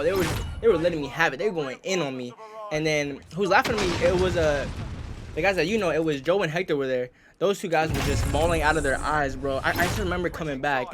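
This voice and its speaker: A man's voice: on the high side, slight background noise. A young man casually telling an embarrassing story while playing a shooter game, in slangy speech that keeps saying "bro". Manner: slangy, animated, says "bro" often. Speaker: gaming video creator. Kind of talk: casual storytelling over gameplay. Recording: game gunfire behind voice.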